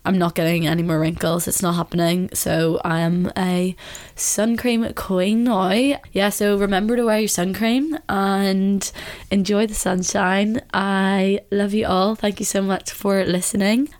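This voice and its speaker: A woman's voice: mid-range voice, steady tone, measured pace, darkish tone, no room sound. A woman hosting a casual solo podcast, talking with a blocked-up nasal voice, chatty and blunt, saying "like" a lot and swearing freely. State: blocked-up nose. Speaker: podcast host.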